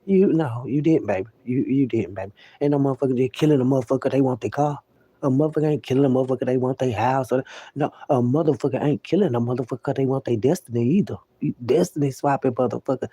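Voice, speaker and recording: Guy ranting on his vlog, kinda high voice but mellow, cusses a lot and repeats himself. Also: lively intonation, a little fast, vocal fry, husky, no room sound. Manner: profane, emphatic, repetitive. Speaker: vlogger. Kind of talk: casual ranting monologue.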